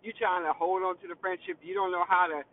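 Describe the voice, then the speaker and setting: A middle-aged woman hosts a podcast, talking in a blunt, frank monologue and swearing without hesitation. Her voice comes through thin and tinny, like a phone line. A faint rumble sits underneath her speech. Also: steady tone, quick pace. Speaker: podcast host. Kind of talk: casual opinion monologue.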